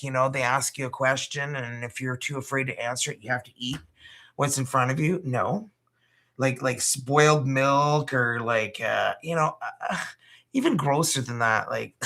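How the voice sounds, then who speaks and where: Speaking in a bass voice that's a bit bright, a Canadian woman runs a relaxed livestream as a tarot reader. She chats loosely, laughing and swearing along the way.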